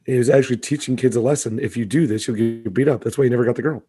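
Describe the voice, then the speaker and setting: A young man co-hosting a comedy podcast, riffing in an animated, mock-outraged way and laughing often. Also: mid-range voice, racing, slightly rough. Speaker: podcast co-host. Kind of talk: casual comedic chat.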